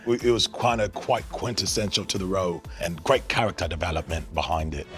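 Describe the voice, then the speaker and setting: A man's voice: sits low, fairly quick, music in the background, close to an everyday voice. A man doing a pompous Manchester actor. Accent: Manchester English. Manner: pretentious, rambling. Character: pompous male British film actor.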